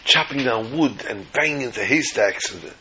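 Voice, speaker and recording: A man telling a religious tale in a sermon, animated and dramatic, with a husky voice. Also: medium pitch, normal speed, a little hiss or hum, low-quality recording. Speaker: religious storyteller. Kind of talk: storytelling sermon.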